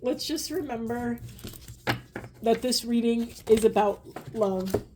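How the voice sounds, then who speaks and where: A woman giving a spiritual oracle card reading, earnest and gentle, often trailing into soft, hushed asides. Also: a little high, slow pace, noisy background. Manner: gentle, earnest, rambling with self-corrections. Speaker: tarot and oracle card reader.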